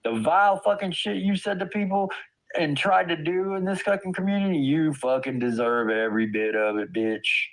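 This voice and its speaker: An adult father on stream launches into a heated, profane rant about online drama, stammering in disbelief as he swears. His voice is a little high and his speed is normal, though the audio is poor.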